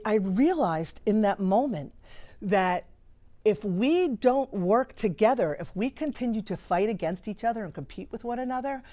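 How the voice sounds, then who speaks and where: A woman's voice: medium pitch, darkish tone. A middle-aged woman hosting a spiritual podcast, talking in a conversational, enthusiastic and heartfelt way. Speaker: podcast host. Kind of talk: casual spiritual podcast monologue.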